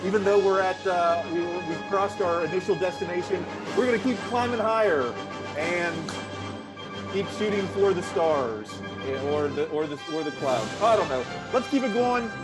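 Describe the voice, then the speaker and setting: A man's voice: sits high, lively intonation, moderate pace, loud music behind the voice, poor audio. A man hosting a livestream comedy show, introducing acts in a loose, rambling way. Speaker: host.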